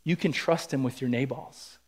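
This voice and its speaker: A man's voice: mid-range voice, moderate pace, a little mellow, slightly rough. A man preaching a sermon in a church, earnest and emphatic, acting out quoted lines as he goes. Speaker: pastor. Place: church sanctuary.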